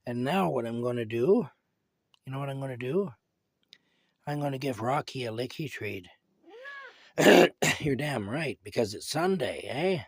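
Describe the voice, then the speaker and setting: A man talks slowly and affectionately to his pet at home, making wry jokes about himself. His voice is husky. The sound is dry and close, recorded on a phone. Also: mid-range voice, lively intonation, no room sound. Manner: chatty and affectionate, with wry self-deprecating jokes. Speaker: vlogger. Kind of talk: casual talk to his pet. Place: at home by a table.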